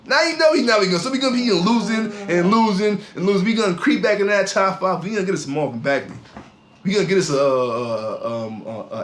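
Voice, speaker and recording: A man's voice: high-pitched, echoey room, slight background noise. A man co-hosting a sports podcast, ranting heatedly in casual talk and often repeating his words. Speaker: podcast co-host.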